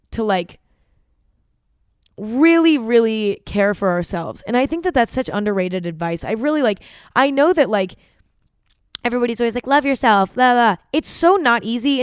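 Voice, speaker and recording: Young woman rambling candidly on her podcast, says like a lot, swears, smooth clear voice. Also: medium pitch, no echo, clean studio sound. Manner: frank and confessional, swears freely, lots of "like". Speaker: podcast host. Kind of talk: candid solo podcast monologue.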